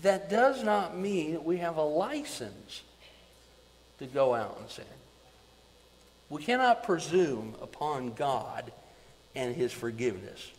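A man preaching a sermon as pastor, swinging between loud emphasis and quiet, repeating words for weight. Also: fairly high pitch, sing-song, slow, pauses often, in a large hall, low-quality recording.

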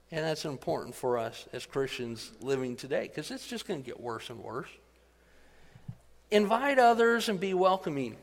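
Conversational preacher in a reverberant hall. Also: male voice, on the high side, moderate pace. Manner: conversational, animated preaching with rising emphasis. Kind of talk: sermon.

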